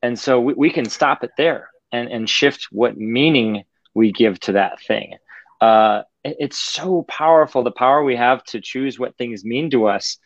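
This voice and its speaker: Lively storytelling man, dry lo-fi sound. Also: mid-range voice, measured pace, no echo. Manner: animated storyteller, acts out voices. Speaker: podcast guest. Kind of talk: casual podcast chat.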